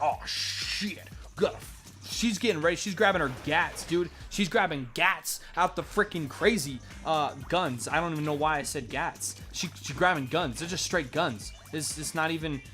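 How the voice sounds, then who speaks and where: A young man with a bright, slightly high voice spins a rambling, profane made-up story while he plays. He acts out both sides of the dialogue in his own voice, and faint music plays behind him. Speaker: gameplay commentator. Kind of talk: rambling improvised game narration.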